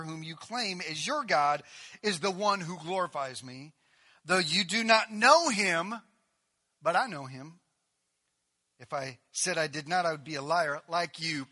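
A man preaching a sermon, reading scripture aloud with lively, emphatic asides. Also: on the high side, unhurried.

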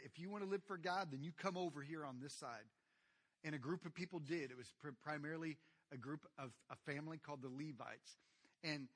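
Animated high-voiced man preaching a sermon. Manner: swings from quiet to loud, animated retellings; addresses congregation directly as guys. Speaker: pastor.

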